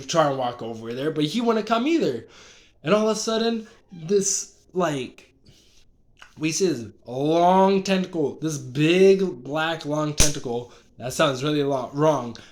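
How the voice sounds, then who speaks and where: A man with a fairly high voice tells a story in a casual, rambling way. He gets excited, trips over his words and restarts his sentences often. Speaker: vlogger. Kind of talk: casual storytelling, recounting dreams.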